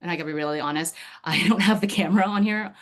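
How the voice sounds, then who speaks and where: A woman's voice: fairly low pitch, fast talker. A woman giving a personal storytelling speech to her speaking club over a video call, chatty and full of fillers, often laughing.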